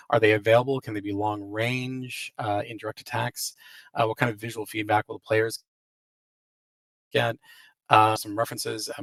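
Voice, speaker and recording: Man, gravelly voice, hedging casual Q&A talk, distant from the mic, robotic glitchy voice chat audio. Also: lowish voice, fairly bright tone, dry recording. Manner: hedging, many restarts and fillers. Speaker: game developer hosting a Q&A. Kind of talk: casual live Q&A, reading out and answering questions. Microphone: voice chat call.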